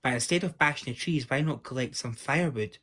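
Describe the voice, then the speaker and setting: A man voicing a sweet, kindly young princess who talks gently and fusses over others. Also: medium pitch, a little fast, breathy edge. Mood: coaxing. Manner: gentle, fussing.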